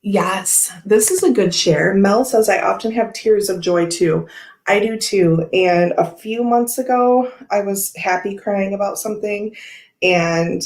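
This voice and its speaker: A woman's voice: medium pitch, measured pace, a little mellow, roomy sound. A woman hosting a casual tarot livestream, chatting and reading viewer comments aloud in a giggly, rambling way full of "like" and "okay, anyway.".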